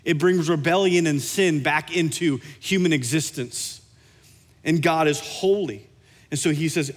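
A man preaching a sermon, telling a personal story in an animated way and slowing down for emphasis. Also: a little high. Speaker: pastor. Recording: reverberant hall.

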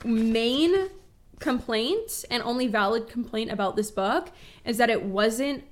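A young woman with a slightly high voice co-hosting a podcast. She chats casually, sounding enthusiastic and playful, and laughs along with her co-host. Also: expressive, a little slow. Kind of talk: casual chat.

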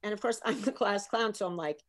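A middle-aged woman tells funny stories as a guest in a relaxed conversation. She is animated and jokey, often laughing between her lines. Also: mid-range voice, fairly quick. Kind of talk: comic storytelling in casual chat.

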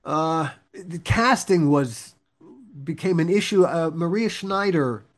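A man hosting an interview, asking questions in a halting way and often restarting his words. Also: on the high side, animated. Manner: halting, repeats words, chuckles. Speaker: podcast host, interviewer. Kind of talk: interview conversation.

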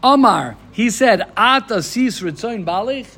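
A man's voice: sits high, expressive, a little slow, pushed and bright, slightly rough. A man giving an informal Torah class as a rabbi, acting out quotes and mixing in Hebrew and Yiddish terms.

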